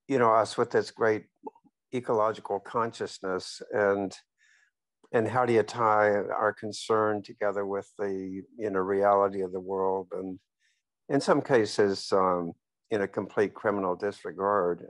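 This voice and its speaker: A man in the audience giving a comment in a halting, thoughtful way with pauses. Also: lowish voice, dry recording, low-quality recording. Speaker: audience member. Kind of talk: discussion comment.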